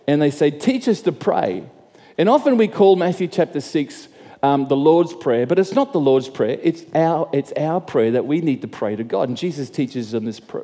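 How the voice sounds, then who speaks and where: A man's voice: mid-range voice, dark tone, long reverb tail. A man preaching a sermon as pastor, conversational, repeating and restarting phrases and asking the crowd questions.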